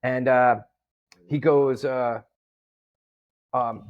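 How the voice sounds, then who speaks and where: A comedian and promoter, appearing as a guest in a casual interview, tells a story and mimics the voices of its characters with animated energy. His medium-pitched voice keeps a moderate pace with long pauses, and the sound is lo-fi.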